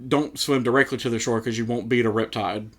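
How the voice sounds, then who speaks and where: A man co-hosting a casual podcast at an ordinary mid pitch. He rambles loosely from point to point and laughs often along the way. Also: steady tone, fast talker, over a noisy crowd. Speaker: podcast co-host. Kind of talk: casual chat.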